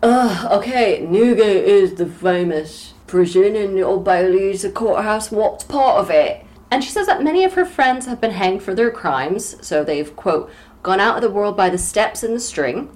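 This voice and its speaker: A woman's voice: mid-range voice, lively intonation, normal speed, a little mellow. A woman co-hosting a podcast who chats casually about a novel with wry, joking asides. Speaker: podcast co-host. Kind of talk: casual book discussion.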